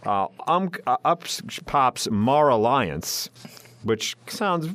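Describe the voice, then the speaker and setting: Lively joking male co-host. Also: mid-range voice, slow, dry recording. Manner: joking, animated storyteller. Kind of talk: casual news chat.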